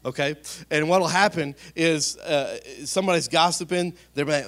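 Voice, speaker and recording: A man's voice: a little high, a little fast. Conversational preacher man. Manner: conversational storytelling, shifting from loud to hushed. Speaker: pastor. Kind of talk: sermon.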